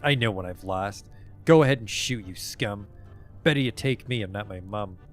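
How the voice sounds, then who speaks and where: A man reading out a hoarse, volatile smuggler. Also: on the low side, normal speed, faint music behind, natural voice. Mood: snarling. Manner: swings between eager and snarling. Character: hoarse jumpy male smuggler, volatile and desperate. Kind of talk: reading game dialogue aloud.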